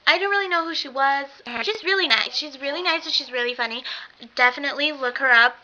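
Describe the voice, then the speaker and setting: A young woman vlogs from home, gushing and rambling with plenty of fillers. Her voice is very bright and sits a little high. The webcam audio is dull and lo-fi, with a faint hiss behind it. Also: fast talker. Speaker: vlogger. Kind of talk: excited casual vlog.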